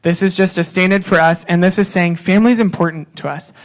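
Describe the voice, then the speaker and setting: A man's voice: high-pitched, fairly even intonation, brisk. A young man, a worship leader, speaking candidly and casually at a church conference session, with many fillers.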